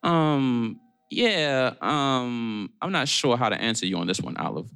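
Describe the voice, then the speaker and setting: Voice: medium pitch, lively intonation, unhurried, fairly bright tone, clear, resonant tone, faint music behind. Someone voicing a nervous, stammering pastor. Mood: reassuring. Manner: hesitant, stammering with many fillers. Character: hesitant, nervous male church pastor. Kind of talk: audio drama acting.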